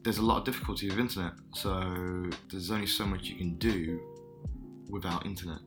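A man's voice: low-pitched, fairly even intonation, a little fast, over music. A man co-hosting a podcast, chatting casually in a laid-back, joking way. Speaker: podcast co-host. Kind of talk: casual chat.

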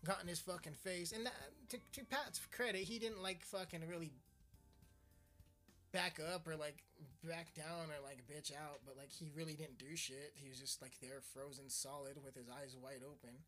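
Crude rambling man over loud music. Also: a little high, steady tone, moderate pace. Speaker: podcast host. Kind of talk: casual profane rant.

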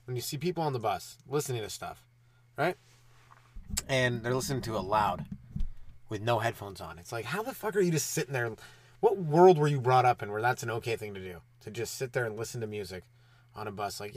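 A young man hosting his own comedy podcast, riffing and ranting alone with lots of swearing and quick mocking asides. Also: on the low side, animated, slight background noise. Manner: profane, riffing, mocking voices mid-rant. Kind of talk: rambling solo comedy podcast.

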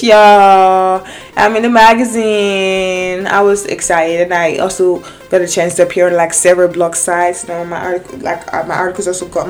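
A young woman telling her viewers a personal story in a casual, animated way, with many restarts and quoted exchanges. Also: on the low side. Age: young adult. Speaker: vlogger.

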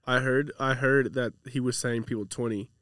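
This podcast co-host chats casually, giving short, laid-back replies. His mid-range voice is steady and fairly bright, his pace moderate, and the recording has no room sound.

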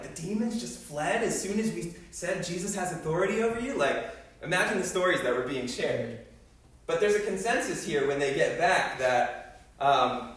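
A man's voice: mid-range voice, a bit bright. A man preaching a sermon in a casual, conversational way, with many asides to his listeners. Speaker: pastor. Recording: echoey hall, voice from far off.

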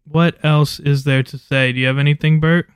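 A man's voice: a little high, steady tone, normal speed, clean tone, no echo, studio quality. A man co-hosting a podcast in casual chat, opinionated and laid-back, swearing now and then. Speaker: podcast co-host.

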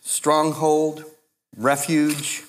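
A man preaching a sermon as pastor, speaking in a measured, deliberate way with frequent restarts. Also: on the high side, flat delivery. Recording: long hall reverb.

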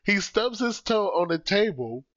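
A man co-hosting a casual podcast chat, animated and laughing often, talking into a studio microphone. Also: measured pace, no echo, highs cut off. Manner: animated, laughs often, jumps to high-pitched exclamations. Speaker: podcast co-host.

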